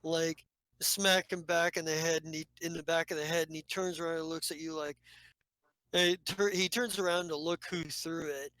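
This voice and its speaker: A woman's voice: sits low, fairly even intonation, normal speed, a bit bright, no room sound, low-quality recording. A woman narrating as game master of a tabletop role-playing game, rambling with many fillers and restarts.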